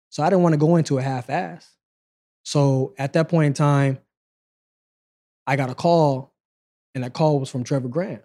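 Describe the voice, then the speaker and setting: A man in his forties, hosting a podcast and casually telling his life story in a relaxed, conversational way. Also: a little high. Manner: relaxed, conversational, acts out quoted dialogue.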